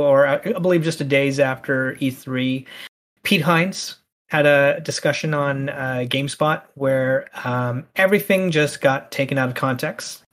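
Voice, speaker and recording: A man hosting a casual podcast chat, talking in animated, heated rants. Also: mid-range voice. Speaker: podcast host.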